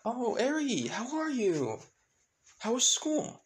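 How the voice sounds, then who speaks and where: Sweet young mother, high and breezy, as a man puts her on in a fan story. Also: big pitch swings, measured pace, gravelly, fairly bright tone, heavily acted. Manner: cheerful, brushing things off.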